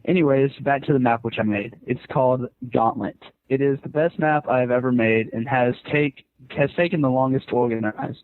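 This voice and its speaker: A man guest-hosting a podcast, reading a listener's email aloud in a steady, plain way. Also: mid-range voice, brisk, hardly any pauses, dry recording. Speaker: guest co-host. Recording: tinny phone-like line.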